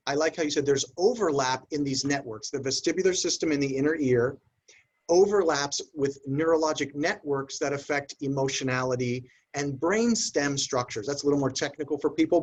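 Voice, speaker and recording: A man clinician in a casual professional discussion, explaining in a measured way and telling patient stories. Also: fairly high pitch, slightly rough, rough recording.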